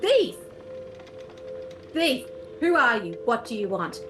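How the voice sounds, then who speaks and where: A frail old man, put on by a woman, shouts accusations at an intruder in a tabletop game. The voice sits a little high. Soft music plays underneath. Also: big pitch swings, moderate pace. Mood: alarmed shouting.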